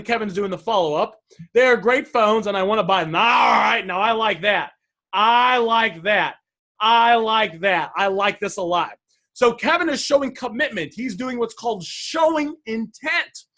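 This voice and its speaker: A man's voice: sits high, animated, normal speed, pushed and bright. A man coaching viewers on sales messages, enthusiastic and repetitive, often addressing them as guys.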